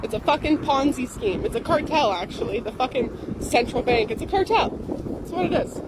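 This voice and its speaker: A woman's voice: sits high, expressive, normal speed. A young woman ranting angrily and profanely, with sarcastic mock voices, recorded in a moving vehicle. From Canada. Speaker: ranting vlogger. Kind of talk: angry profane rant. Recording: loud wind and vehicle noise behind.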